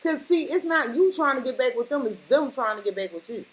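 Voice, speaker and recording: A woman's voice: high-pitched, lively intonation, brisk, rough recording. Emphatic woman giving a tarot reading. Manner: emphatic, repeats lines for stress, blunt slang. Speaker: tarot reader. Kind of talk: casual tarot reading to the viewer.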